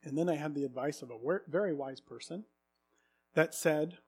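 A man in his thirties preaching a sermon, earnest, swinging from hushed confession to loud exclamations. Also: on the high side, normal speed, a little hiss or hum.

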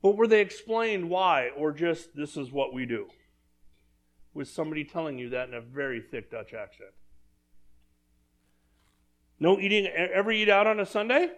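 A man's voice: high voice, very animated, normal speed, long pauses, fairly bright tone. A man preaching a sermon in a church, talking conversationally and asking the congregation questions. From Southern California. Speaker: pastor.

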